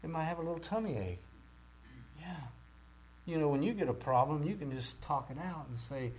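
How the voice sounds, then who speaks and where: A man preaching a sermon with great passion, rising to loud cries and dropping to near-whispers. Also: on the high side, animated, a little fast, a little hiss or hum. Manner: impassioned, swings from shouting to near-whispers.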